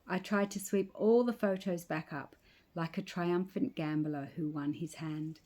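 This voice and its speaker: A woman reads her memoir aloud in the first person, measured and reflective. Her voice sits low and sounds warm and mellow. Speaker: author reading her memoir. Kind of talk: first-person story reading.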